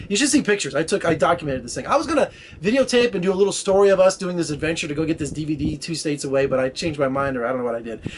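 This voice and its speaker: A man's voice: on the high side, slight background noise. A man casually telling a long road-trip story to camera, acting out the people he met. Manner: animated, acts out voices in his story. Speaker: film critic vlogger. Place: Las Vegas area.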